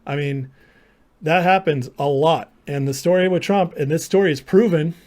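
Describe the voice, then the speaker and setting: A man's voice: a little high, normal speed, a little mellow. A man hosting a live show, arguing hard with viewers in chat, sarcastic and mocking, now and then mimicking his opponents. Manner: combative, argumentative, mocking. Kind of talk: live stream commentary, responding to chat.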